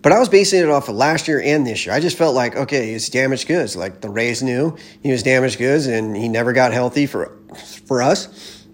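Husky, profane baseball fan ranting. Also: male voice, medium pitch, brisk. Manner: blunt, profane, rambling. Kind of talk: casual sports rant.

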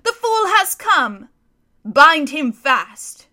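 A cruel witch queen snaps out her orders in a high, shrill voice, as a woman reads her aloud. Her tone is bright, hard and gloating. She sounds like a storybook villain who is used to being obeyed. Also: very animated, drawn-out words, heavily acted. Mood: commanding, gloating. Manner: shrill, loud, gloating commands.

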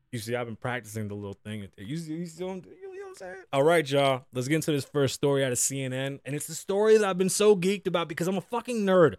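A man's voice: a little high, very animated, quick pace, soft background music. A man in his thirties hosting a casual solo podcast, ranting and joking in a loose, profane way. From United States. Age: 30s. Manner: loose, profane, joking rants with big swings. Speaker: podcast host.

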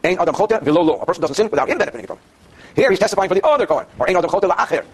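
A man's voice: sits high, sing-song, rapid-fire, breathy edge. A man teaching a daily class on Jewish law to students in the room. He reads Hebrew passages, then translates them and explains them with jokes. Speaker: Torah teacher.

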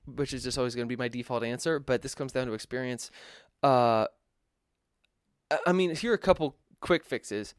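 A man's voice: medium pitch, clean tone, dry recording, studio quality. A man who produces music, answering viewer questions in a loose, chatty tutorial with many fillers and restarts. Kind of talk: casual tutorial Q&A.

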